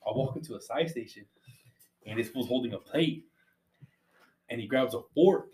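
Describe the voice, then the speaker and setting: A man's voice: mid-range voice, normal speed, darkish tone, roomy sound, slight background noise, low-quality recording. A young man telling work stories among friends in a casual, slangy, profane way, laughing often.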